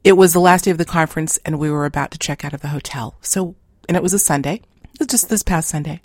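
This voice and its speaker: Low, dry-sounding middle-aged woman storyteller, chatty and lively with her anecdotes. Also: quick pace, dry recording. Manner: chatty, animated storyteller who acts out quoted lines. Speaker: speaker telling anecdotes. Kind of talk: casual storytelling talk.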